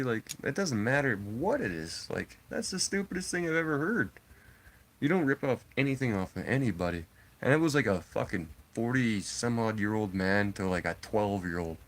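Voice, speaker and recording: A man's voice: mid-range voice, normal speed. A man streaming live and telling a story casually to his chat, talking bluntly and swearing freely. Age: adult father. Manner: profane, blunt and animated.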